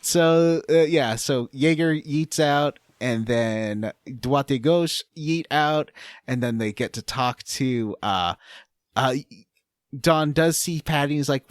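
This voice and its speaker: A man's voice: medium pitch, slow pace, no room sound, clean studio sound. A man co-hosting a casual gaming podcast, loosely retelling the plot and chuckling often. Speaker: podcast co-host. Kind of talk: casual chat recapping a video game.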